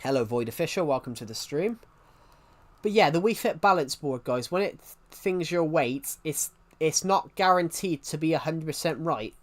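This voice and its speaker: A livestreamer from England, speaking with an English accent, chats casually as he answers viewers, rambling and restarting his sentences. His voice is on the high side and animated, at a moderate pace.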